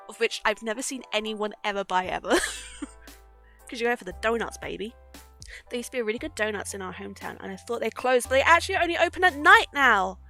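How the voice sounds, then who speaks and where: A woman's voice: medium pitch, sharp tone. A young woman streaming live, chatting casually and giggling often between sweary asides. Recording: faint background music.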